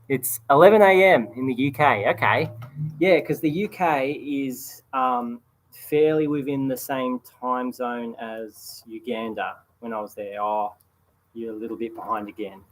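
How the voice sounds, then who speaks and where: A relaxed Australian man in his thirties chats easily with viewers, answering questions at a mid pitch. He sits outdoors by a campfire, with a faint hum of outdoor ambience behind his voice. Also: normal speed, rough recording. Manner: relaxed, chatty, reads viewer comments aloud. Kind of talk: casual livestream chat.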